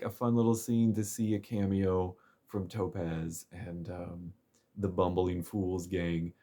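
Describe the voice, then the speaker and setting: This game story commentator has a deep voice with a dark tone. He's casually summing up a story chapter, wandering off track, chuckling, and leaning on plenty of fillers.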